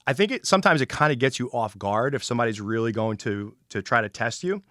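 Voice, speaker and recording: A man's voice: medium pitch, quick pace, a bit bright, no room sound, studio quality. A middle-aged man hosting a podcast, telling a story in casual chat, acting out quotes and swearing freely. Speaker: podcast host.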